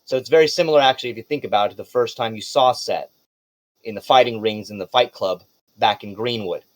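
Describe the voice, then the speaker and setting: A man's voice: on the low side, quick pace, dry recording. A man running a tabletop game as game master, narrating loosely with casual swearing.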